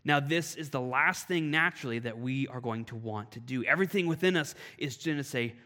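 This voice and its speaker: A man's voice: medium pitch, brisk. Man preaching in a reverberant hall. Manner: storytelling, lively and animated in anecdotes. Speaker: pastor. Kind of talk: sermon with personal story.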